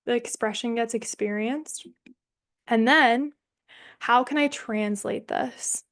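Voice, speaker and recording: Leading a somatics session on a video call, a young woman talks frankly and casually, with plenty of swearing and pauses as she works through her thoughts aloud. Her pitch runs on the high side and sounds a bit bright.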